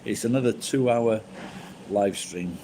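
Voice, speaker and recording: A man's voice: fairly low pitch, a little slow, warm tone, a little hiss or hum, poor audio. A drunk man rambling and swearing through casual chat as a live streamer, full of false starts. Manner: crude, swears a lot, rambling with restarts.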